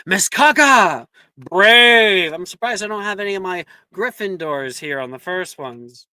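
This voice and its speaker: A game master puts on a strict female teacher in a tabletop game, calling students up in crisp, commanding bursts. The tone is bright and cutting, with a dry, close sound and no room around it. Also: medium pitch, lively intonation, normal speed, no room sound, voice pushed up. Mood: bold. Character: stern but caring female teacher.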